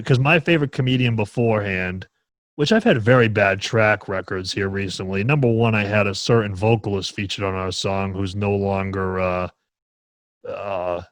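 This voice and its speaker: Heavy swearing fills the casual chat and animated ranting of a podcast host from New Hampshire. His voice is on the low side, and there's no echo in the recording.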